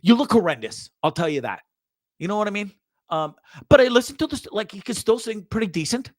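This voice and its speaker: A man's voice: sits high, very animated, fairly quick, no echo, clean studio sound. A man hosting a show, casually commenting on videos with frequent swearing, stammered repeats and laughter. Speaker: show host.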